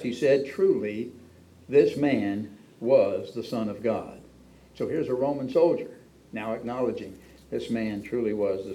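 A man's voice: dark tone, low-quality recording. A man preaching a sermon, reading Bible verses aloud and explaining them in his own words, with frequent emphatic rises in his voice. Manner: reads scripture then explains it, with frequent emphatic pitch rises. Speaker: pastor.

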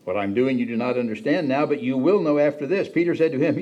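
A man's voice: mid-range voice, quick pace, a little mellow, muffled recording. A man preaching a sermon in a conversational way, acting out the quoted lines with a raised voice. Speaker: pastor.

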